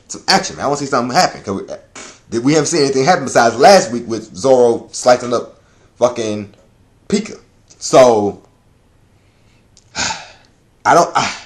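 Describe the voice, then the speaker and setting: A man giving a casual, rambling manga chapter review, swearing often, laughing a lot and jumping into high excited exclamations.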